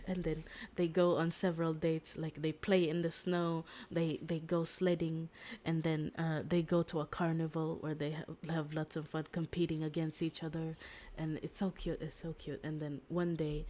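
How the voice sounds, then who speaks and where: A young woman streaming from home, casually retelling a story in a rambling, excitable way, with lots of "like" and restarts. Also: low voice, moderate pace, hardly any pauses. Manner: giggly, excitable.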